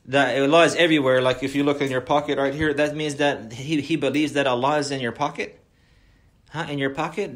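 A man giving a religious lesson, acting out questions and answers and mixing Arabic phrases into his English. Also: medium pitch. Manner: animated, rhetorical questions, acts out dialogues. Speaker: Islamic preacher.

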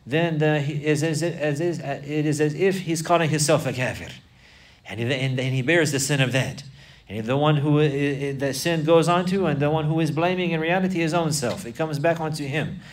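A man's voice: on the high side, moderate pace, distant mic. A man teaching a religious class, repeating phrases and quoting Arabic texts, then explaining them. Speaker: Islamic teacher. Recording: voice from away from the mic.

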